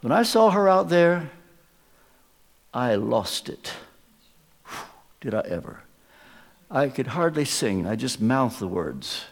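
A man preaching a sermon at a live church service, emphatic, swinging from loud stresses to hushed asides. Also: medium pitch, sing-song, takes it slowly, gravelly, pauses often. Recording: long reverb of a large church.

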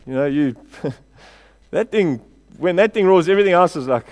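A man preaching a passionate sermon as pastor, building to shouted declarations. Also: a little high, lively intonation, moderate pace. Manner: passionate, rising to shouts, chuckling between points. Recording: hall reverb.

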